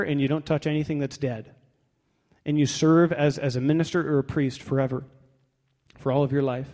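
A man's voice: fairly high pitch, a little mellow. A man pastor preaching a sermon in a conversational, wry way, reading scripture aloud in a church. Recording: long hall reverb.

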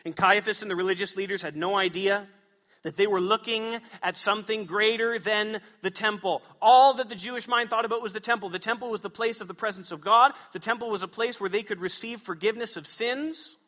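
A man's voice: high-pitched, pushed and bright, long reverb tail. A man preaching a sermon as pastor to his congregation, emphatic, asking them questions. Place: church sanctuary.

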